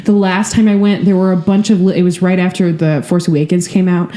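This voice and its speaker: A woman's voice: fairly low pitch, level tone, a little fast, dark tone, echoey room. A woman co-hosting a podcast, chatting casually and laughing often. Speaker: podcast co-host. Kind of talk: casual chat.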